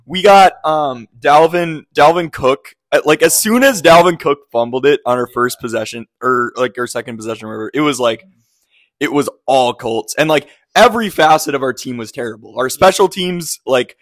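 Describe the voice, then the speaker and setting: A man co-hosting a casual sports podcast, his voice partly gone and hoarse, telling a story haltingly with many fillers. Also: mid-range voice, no room sound. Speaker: podcast co-host.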